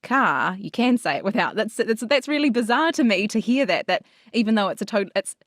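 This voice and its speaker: A woman's voice: fairly high pitch, lively intonation, no echo. New Zealand woman, speech-therapist co-host, casual and agreeable, dry close mic. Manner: quick, agreeable, many "yeah"s. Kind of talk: casual chat.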